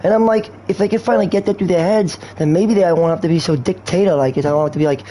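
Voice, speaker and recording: Slangy high-voiced male streamer. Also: fast talker, hardly any pauses, dark tone, slight background noise. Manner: slangy, rambling, erratic. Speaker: game streamer. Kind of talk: rambling casual stream talk.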